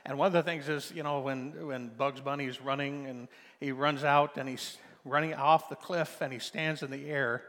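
A man preaching a sermon, animated and emphatic, his voice climbing to loud peaks. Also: medium pitch, moderate pace, in a large hall.

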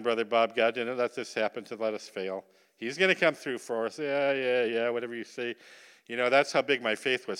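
Bright-voiced male preacher in an echoey hall. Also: medium pitch, clean tone. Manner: storytelling with acted-out dialogue and asides to the congregation. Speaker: pastor. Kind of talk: sermon.

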